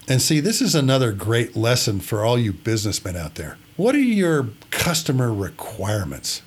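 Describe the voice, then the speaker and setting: Folksy middle-aged man telling war stories. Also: mid-range voice. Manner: folksy, acts out dialogue while retelling it. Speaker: podcast host and retired air refueling planner. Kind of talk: storytelling monologue.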